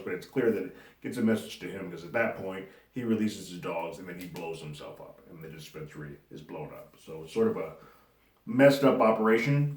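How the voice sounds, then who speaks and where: A movie and TV reviewer with a low, slightly mellow voice gives a loose, conversational recap of a TV episode, chuckling now and then as he talks it through. The recording has a roomy echo.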